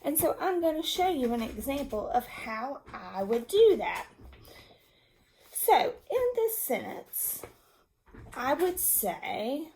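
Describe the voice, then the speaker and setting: A woman's voice: sits high, sing-song, vocal fry, a little mellow, slight background noise. A woman teacher patiently explaining reading strategies to young children and their parents. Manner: slow, patient, demonstrative explanation.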